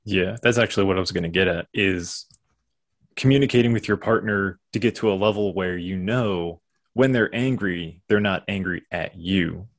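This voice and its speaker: A man appearing as a podcast guest, speaking calmly and explaining his thoughts carefully. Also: low voice, normal speed. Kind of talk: casual conversation.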